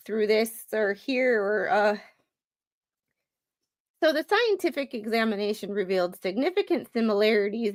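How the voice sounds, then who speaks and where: A woman's voice: on the high side, no room sound. Rambling woman reading court papers. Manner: halting, rambling, with many fillers and restarts. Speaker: commentary host. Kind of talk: casual reading of court documents.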